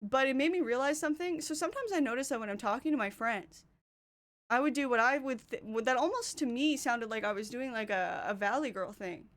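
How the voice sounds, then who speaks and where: A woman's voice: a little high, expressive, fairly quick, fairly bright tone. A young Canadian woman streaming, chatting casually in a rambling, self-interrupting way with a Canadian accent. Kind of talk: casual chat.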